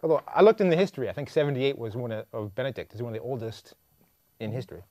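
A man's voice: mid-range voice, animated, rapid-fire, warm tone, no room sound, studio quality. A man co-hosting a podcast, chatting casually and asking lots of curious questions, laughing easily. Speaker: podcast co-host. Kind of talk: casual chat.

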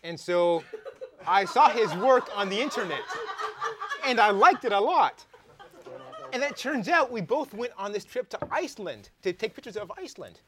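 A man's voice: high-pitched, lively intonation, normal speed, sharp tone, slight background noise. A young adult man with a Canadian accent, hosting a live comedy talk show and playfully reading viewer tweets aloud. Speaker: host.

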